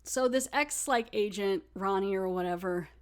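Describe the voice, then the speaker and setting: A woman's voice: mid-range voice, moderate pace, smooth. A woman hosting a podcast, reviewing a TV episode in a chatty, amused way with lots of fillers. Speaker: podcast host. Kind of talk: casual chat, episode review.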